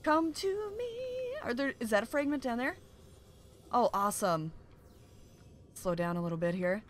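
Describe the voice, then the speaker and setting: A young woman hosting a game playthrough, commenting excitedly and often gasping "oh my gosh" at what she finds. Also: medium pitch, normal speed, a little hiss or hum. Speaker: gaming video host. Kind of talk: excited let's-play commentary.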